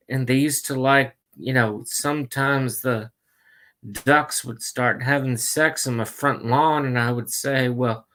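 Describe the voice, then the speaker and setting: A man's voice: mid-range voice, a bit bright. A man doing a rambling old politician. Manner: meandering, slow, free-associating. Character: rambling, confused elderly male politician. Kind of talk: comic impression on a livestream.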